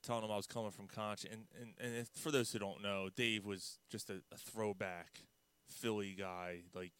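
A man telling prank stories in casual chat, animated, with loud mimicked outbursts. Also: fairly low pitch, normal speed, smooth, no room sound. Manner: animated storyteller, loud mimicked outbursts, laughs mid-story.

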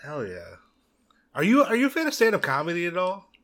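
Animated podcast host with casual swearing. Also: male voice, high-pitched, brisk. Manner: laid-back, swears casually, short interjections.

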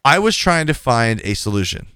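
A man's voice: mid-range voice, big pitch swings, normal speed, sharp tone, clean tone, dry recording, studio quality. A male podcast host in casual chat, telling a story bluntly and animatedly, acting out the quoted lines and swearing now and then.

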